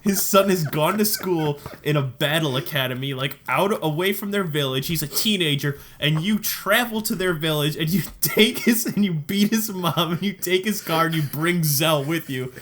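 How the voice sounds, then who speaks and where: A man co-hosting a podcast in casual chat, telling a story with excitement and frequent laughter. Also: fairly high pitch, normal speed, few pauses, a little hiss or hum. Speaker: podcast co-host.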